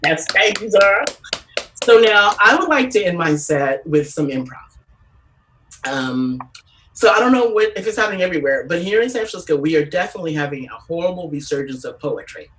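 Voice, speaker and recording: A woman's voice: lowish voice, fairly quick, recorded from a distance, poor audio. Brash, profane woman stand-up comedian. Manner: animated storytelling, brash and profane.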